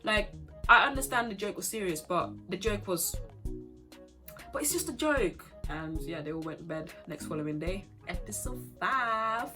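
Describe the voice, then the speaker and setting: A young woman giving a sassy, animated recap of a reality show in casual vlog commentary. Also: on the low side, moderate pace, over music. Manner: sassy, animated, addresses people directly. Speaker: vlogger.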